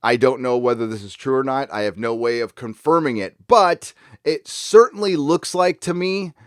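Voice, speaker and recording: A man's voice: mid-range voice, moderate pace, dry recording, studio quality. A man hosting opinionated fan commentary, talking in a sarcastic, emphatic way. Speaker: YouTube commentary host.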